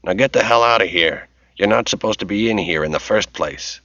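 A male audiobook narrator voicing a gruff, bullying male boss who growls threats. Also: on the low side, a little fast, sharp tone, no room sound, muffled recording.

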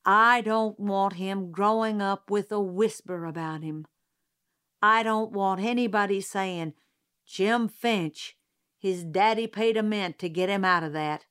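A woman reading the lines of a principled small-town lawyer and father in an audiobook, calm, firm and earnest, a little louder than her narration. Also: medium pitch, measured pace, clear, resonant tone, lightly acted.

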